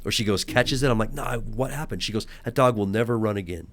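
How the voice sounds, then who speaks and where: A man, a podcast guest, telling a story in a casual chat, animated and emphatic. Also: fairly low pitch, fast. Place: podcast studio at a table.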